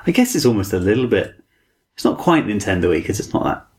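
Game podcast co-host: easygoing man, lowish gravelly voice. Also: big pitch swings, fairly quick, a little mellow. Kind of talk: casual game review chat.

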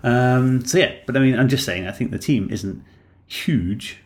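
A man's voice: medium pitch, moderate pace, darkish tone. A man co-hosting a podcast, enthusiastic and thinking aloud in a casual game review chat. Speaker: podcast co-host.

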